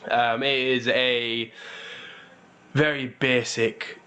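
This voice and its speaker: A man's voice: medium pitch, extremely slow. Man as game master. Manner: relaxed, full of fillers and restarts, wry asides. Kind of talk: narrating a tabletop game.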